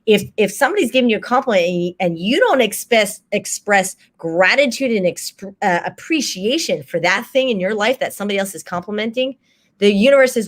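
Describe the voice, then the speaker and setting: A woman's voice: medium pitch, fairly quick. A woman guest chatting casually, animatedly acting out little quoted exchanges as she explains her point. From grew up in a Chinese cultural setting. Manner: animated, acts out quoted phrases. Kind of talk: casual conversational chat.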